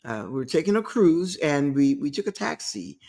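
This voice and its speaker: A woman's voice: deep voice, expressive, normal speed, dark tone. A woman hosting a talk show, giving an emphatic motivational monologue and repeating her key points.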